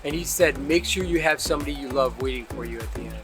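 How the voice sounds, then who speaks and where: A man's voice: mid-range voice, quick pace, over music. A middle-aged man, a paddler, telling emphatic, reflective stories about long-distance ocean racing. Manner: emphatic, reflective, laughs mid-story. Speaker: interviewee, paddler. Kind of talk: animated storytelling.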